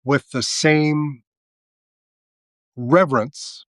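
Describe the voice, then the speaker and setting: A man hosting a live video, delivering a sardonic, halting political monologue full of fillers and restarts. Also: on the high side, fairly even intonation, fairly bright tone, no room sound. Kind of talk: casual political commentary monologue.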